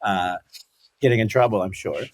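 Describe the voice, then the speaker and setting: A man in his fifties, a guest in a casual interview, telling stories in an animated way, acting out quotes and laughing often. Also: on the low side, normal speed, dry recording. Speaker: guest, former fighter and commentator.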